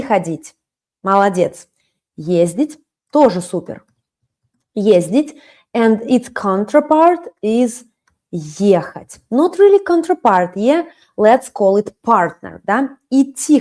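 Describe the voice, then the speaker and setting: A woman with a Russian accent teaching a live-streamed language lesson, explaining slowly and mixing English and Russian. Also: mid-range voice, very animated, dark tone. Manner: slow, explaining, switching between English and Russian. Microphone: webcam stream.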